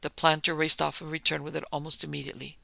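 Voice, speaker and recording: A man narrating a story in an even reading voice. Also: fairly high pitch, quick pace, creaky, no room sound.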